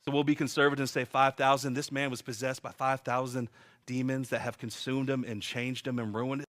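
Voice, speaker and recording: A man's voice: medium pitch, level tone, brisk, a bit bright. A man preaching a sermon and sharing his own testimony, telling stories in a vivid, earnest, emphatic way.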